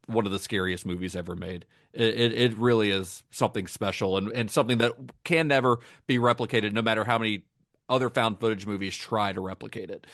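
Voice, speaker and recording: A man's voice: lowish voice, a bit bright, no room sound, clean studio sound. Enthusiastic man in casual film talk. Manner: enthusiastic, frequent fillers and restarts. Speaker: podcast co-host.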